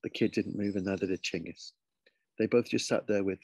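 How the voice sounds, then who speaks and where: A man, an author, reading his children's story aloud with lively, expressive storytelling. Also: low voice, a little fast, creaky, breathy edge, dry recording.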